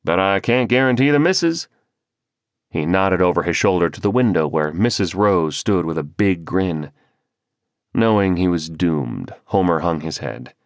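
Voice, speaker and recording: Reading a novel for an audiobook, a male narrator uses a deep, low voice and an unhurried storytelling delivery from a script. The recording is close and dry, free of room sound.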